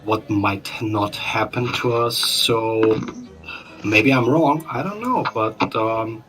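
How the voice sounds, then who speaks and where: A man speaking as his character in a tabletop game, pushy and dryly sarcastic. Soft music plays underneath. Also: lowish voice, slow pace, rough recording. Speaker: player.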